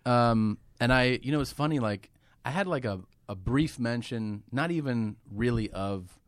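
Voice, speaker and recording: A man in a podcast studio spins a story with easy energy, swearing often and breaking into laughter along the way. His voice sits at a middling pitch and is recorded close and dry, with almost no room sound. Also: moderate pace, dry recording. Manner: animated storyteller, swears freely, laughs while telling. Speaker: comedian guest. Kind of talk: casual storytelling conversation.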